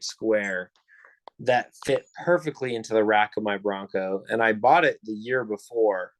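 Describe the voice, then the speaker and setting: A young man with a lowish voice spins a long, meandering story on a casual podcast. He leans on filler words and restarts his sentences. The sound is dry and close. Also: dry recording. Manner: rambling, full of "like" and restarts. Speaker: podcast co-host.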